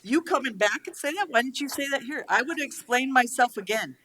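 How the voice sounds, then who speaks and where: A woman's voice: high voice, lively intonation, fairly bright tone. Angry, blunt woman at a public meeting. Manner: blunt, angry, swears, rapid rebuttals. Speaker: county commissioner. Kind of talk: heated speech at a public meeting.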